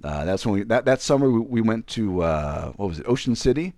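A man from Virginia spins a rambling personal story, poking fun at himself and restarting his sentences as he goes. His voice sits low but swings widely in pitch. The sound is dry and close, with almost no room echo. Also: animated, a little fast, a little mellow. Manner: rambling, self-deprecating, frequent restarts. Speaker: podcast co-host. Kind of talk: casual storytelling chat.

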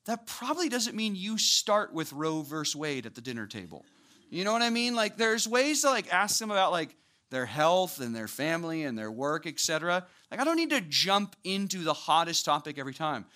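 A young man preaching a sermon to a church audience, talking conversationally and building to animated emphasis. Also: fairly high pitch, a little fast. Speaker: pastor.

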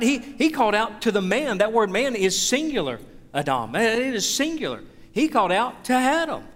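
A man's voice: sits high, a bit bright. A man, preaching a sermon as pastor, earnest and building to emphatic exhortation. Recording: long reverb of a large hall.

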